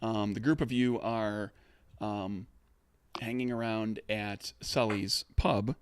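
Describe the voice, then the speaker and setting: A man's voice: on the low side, fairly even intonation, takes it slowly, slight background noise. Man narrating as game master. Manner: rambling, many fillers and restarts.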